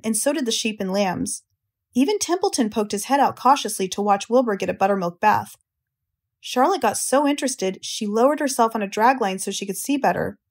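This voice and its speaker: A woman with an American accent reading a children's audiobook aloud in a clear, measured way for English learners. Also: medium pitch. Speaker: audiobook reader, English teacher.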